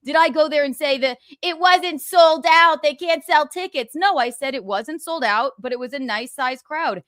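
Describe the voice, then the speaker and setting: A woman's voice: high voice, normal speed, fairly bright tone, no room sound. Sarcastic woman gossip streamer, dry mic. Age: 30s. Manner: sarcastic, profane, laughing asides. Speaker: livestream host. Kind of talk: casual gossip commentary.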